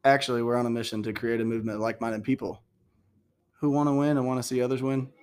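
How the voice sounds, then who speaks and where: A man's voice: mid-range voice, steady tone, darkish tone, clean tone. A man co-hosting a podcast in casual banter, joking and swearing as he talks. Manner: joking, profane, quick to goof around. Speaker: podcast co-host. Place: studio or room with phones near the mic.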